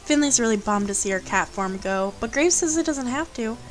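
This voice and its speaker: A woman's voice: a little high, expressive, fairly quick, faint music behind, rough recording. A woman hosting a let's play, reading a visual novel aloud and breaking off for playful, chatty asides.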